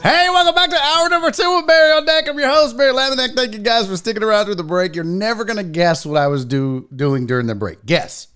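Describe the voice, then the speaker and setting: A man's voice: high voice, fast talker, few pauses, a bit bright, clean tone, faint music behind. A man hosting a live sports talk show, chatting loosely with viewers in a rambling, profane way. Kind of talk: casual live-stream chat.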